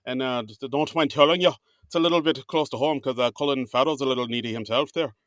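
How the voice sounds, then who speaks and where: A man's voice: mid-range voice, quick pace, fairly bright tone, no room sound, studio quality, natural voice. A man doing a jokey Irish actor impression. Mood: joking. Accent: Irish, put on. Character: genial Irish actor impression, male, middle-aged.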